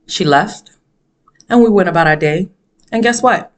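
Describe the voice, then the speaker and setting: A woman tells a personal story with lively energy, her voice leaping high for emphasis and dropping low to drive a point home. She repeats phrases in a preachy, motivational way. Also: normal speed. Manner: animated, dramatic storytelling with sudden pitch jumps; emphatic, preachy delivery with repetition. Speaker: motivational speaker. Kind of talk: storytelling monologue.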